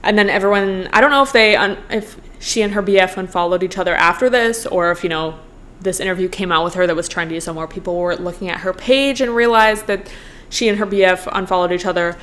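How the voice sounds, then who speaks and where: A woman in her twenties hosts her own podcast, chatting solo in a casual way, swearing a lot, saying "like" constantly, and laughing between points. Her voice is fairly low in pitch and fairly bright, and she talks quickly.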